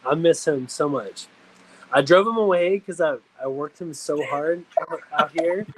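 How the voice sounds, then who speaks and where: A man in casual chat, excitable and profane, laughing often while telling stories about his cousin. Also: on the high side, unhurried, poor audio. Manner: excitable, laughs a lot, swears freely.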